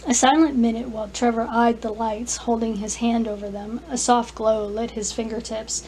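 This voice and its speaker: A woman author reading her own fantasy story aloud, careful and clear, with small restarts. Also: on the high side, steady tone, moderate pace, hardly any pauses, a little mellow, slight background noise, rough recording. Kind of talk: scripted narration, story reading.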